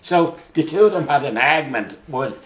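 A man's voice: on the high side, lively intonation, normal speed. An older man telling laughing anecdotes in a casual chat. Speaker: guest telling stories.

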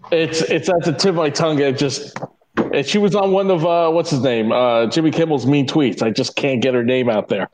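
A man's voice: medium pitch, measured pace, darkish tone, poor audio. A man who is a guest on a podcast, answering quiz questions and stammering while he searches for answers. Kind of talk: casual podcast banter.

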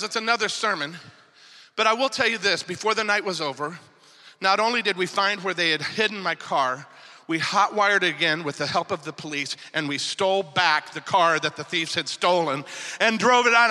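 A man preaching a sermon as pastor, telling stories and swinging from shouted calls to quiet asides. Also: high-pitched, moderate pace, in a large hall.

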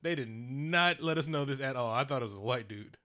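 Animated man in casual podcast chat. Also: mid-range voice, fairly quick. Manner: animated, laughing, acts out quotes in bursts. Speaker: podcast co-host. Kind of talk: casual chat reviewing a TV show.

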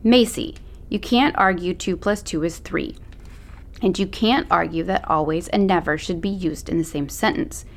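In an audiobook, a woman puts on a preachy male high-school teacher who talks down to his student. He lectures with a worn-out, condescending patience, and his voice sits fairly low for a woman. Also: normal speed, close to an everyday voice. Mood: lecturing. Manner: lecturing, patronizing. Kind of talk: audiobook narration.

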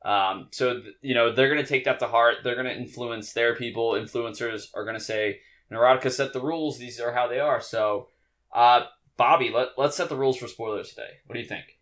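Bright-voiced, animated podcast man. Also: medium pitch, a little fast. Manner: animated, rambling, jokey. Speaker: podcast co-host. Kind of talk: casual podcast chat.

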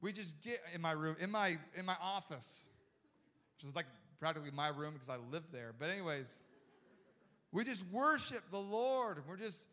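A man preaching as a youth pastor, telling a story with quoted voices and frequent restarts. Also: high-pitched. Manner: animated, quotes people in quick voices, many restarts. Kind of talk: sermon storytelling.

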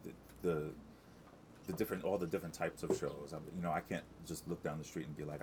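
A man's voice: rumbling low, fairly even intonation, fast, very noisy. A middle-aged man, a stage actor, chatting in an interview, rambling with lots of restarts and fillers. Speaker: Broadway actor, guest. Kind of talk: casual interview chat.

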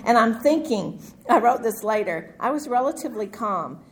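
Brief: middle-aged woman, Bible study teacher, lively storyteller, faint hiss under the voice. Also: fairly high pitch, normal speed, rough recording. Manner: animated storytelling, acts out her own panic. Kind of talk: Bible study lecture with personal stories.

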